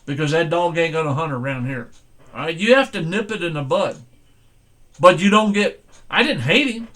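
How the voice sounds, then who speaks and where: Folksy high-voiced older preacher. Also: male voice, lively intonation, sharp tone. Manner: folksy, plain-spoken, reads scripture slowly. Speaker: pastor. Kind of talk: sermon.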